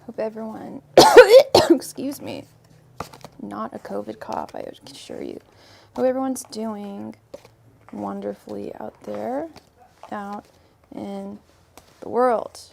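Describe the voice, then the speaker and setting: A woman's voice: medium pitch, big pitch swings, slow, creaky, pauses often, dark tone, a little hiss or hum. A young woman from Ireland hosting a tarot livestream, chatting casually and rambling as she greets viewers by name. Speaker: tarot reader and livestream host.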